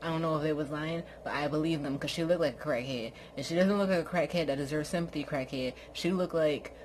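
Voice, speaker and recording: A woman's voice: fast talker, darkish tone, a little hiss or hum, rough recording. A woman ranting in a casual, exasperated and sarcastic way to her viewers from home. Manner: exasperated, sarcastic, mocks others in high put-on voices. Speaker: vlogger. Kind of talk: casual rant to camera. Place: at home, lying in bed.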